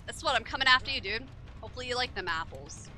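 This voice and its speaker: A woman's voice: on the high side, lively intonation, quick pace, over music. A young woman streaming a horror game, talking to her chat with frequent swearing and frustration. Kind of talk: casual game commentary.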